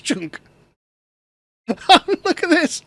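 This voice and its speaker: A man's voice: extremely high pitch, very animated, extremely slow, pushed and bright, dry recording. A man giving sarcastic solo political commentary, ranting and laughing often as he talks.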